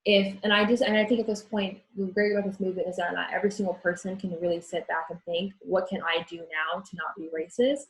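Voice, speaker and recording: Frank, low-voiced young woman. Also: fairly even intonation, rough recording. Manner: frank, earnest, talks in quick restarts. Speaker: interview guest. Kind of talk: candid conversation.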